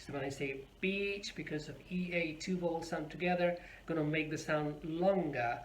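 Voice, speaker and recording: A man's voice: on the high side, slight background noise. Patient male pronunciation teacher. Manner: patient, repeats words slowly to demonstrate. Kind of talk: video lesson. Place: Calgary area, teaching students.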